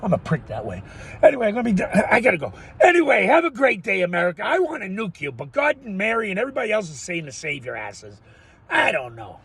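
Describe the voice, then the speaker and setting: A middle-aged man ranting in a profane, erratic monologue, often yelling and cursing. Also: high-pitched, huge pitch swings, fast, creaky, breathy edge. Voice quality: yelling, foul-mouthed, erratic. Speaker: vlogger.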